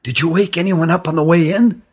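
A man's voice: on the high side, steady tone, a little fast, husky. A man voicing an eager, curious young boy in a storybook reading, raising his voice well above his own. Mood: startled. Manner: eager, questioning.

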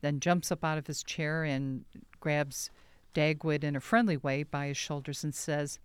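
A woman's voice: fairly even intonation, a little slow, clear, resonant tone, no echo. A woman reading newspaper comic strips aloud, lifting her voice for the characters' lines. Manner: acts out quoted lines with raised pitch. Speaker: comics reader.

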